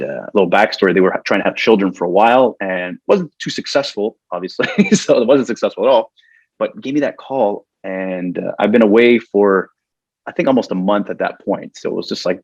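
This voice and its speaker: Speaking as a guest on a podcast, a male corporate trainer shares a heartfelt personal story, voicing what he once thought and becoming emotional along the way. His voice is deep and gravelly, a little mellow with a breathy edge, heard in lo-fi sound with no echo.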